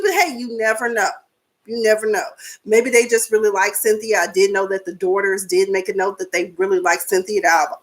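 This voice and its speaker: A woman in her forties chatting casually as she recaps a reality show, sassy and talkative, her pitch jumping between high and low. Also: a bit bright. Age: 40s.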